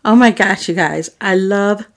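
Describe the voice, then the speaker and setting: Affectionate woman vlogger giving shout-outs. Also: medium pitch, a little slow. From Arab. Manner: affectionate, calls viewers baby boo; stumbles over names. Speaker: mukbang vlogger. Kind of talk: casual shout-outs to viewers.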